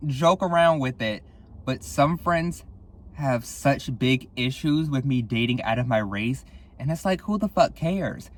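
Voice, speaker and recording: Young man, solo podcast host, casual chat, swears freely, sighs, dramatic pitch jumps, mid-range voice. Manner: candid and profane, with frequent sighs.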